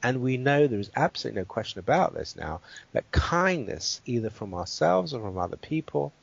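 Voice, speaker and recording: A man who is a guest expert, calmly walking through a guided exercise and checking in with the listener as he explains. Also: medium pitch, gravelly, breathy edge. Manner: measured and explanatory, checks in with "right?". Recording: dull, dry interview audio.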